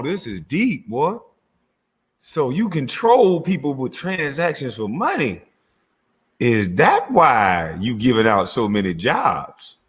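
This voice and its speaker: A man with a mid-range voice and a breathy edge hosts his own commentary channel. Reacting to clips, he mocks, curses and laughs loudly in a profane rant.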